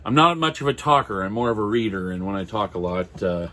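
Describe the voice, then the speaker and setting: A man from Minnesota chatting casually on his own about comics, halting and apologetic with lots of fillers, his throat going dry. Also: fairly low pitch, expressive, bright, forceful tone. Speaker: comic collector vlogger. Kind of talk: casual solo chat.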